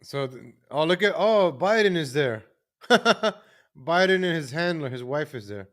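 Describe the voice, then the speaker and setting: A man's voice: on the high side, lively intonation, unhurried, a bit bright. A man hosting a live political commentary show, mocking what he watches in a sarcastic running commentary. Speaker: host.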